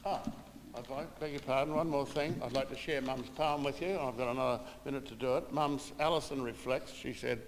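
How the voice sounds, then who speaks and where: A man's voice: mid-range voice, fairly even intonation, brisk. An older man with an Australian accent gives a eulogy for his mother, telling family stories, acting out the voices he quotes and chuckling as he goes. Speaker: son giving a eulogy. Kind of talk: funeral eulogy with anecdotes. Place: small funeral room. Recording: reverberant room with long echo.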